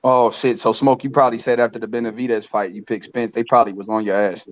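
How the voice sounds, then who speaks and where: Fast-talking slangy man. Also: mid-range voice, steady tone, no echo, dull audio. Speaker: podcast co-host. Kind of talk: casual boxing chat.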